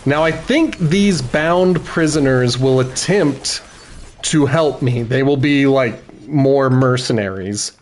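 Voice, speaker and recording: Middle-aged male streamer, unhurried, chatty, laughs easily, casual gameplay talk. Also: mid-range voice, slight background noise. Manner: chatty, laughs often, self-correcting.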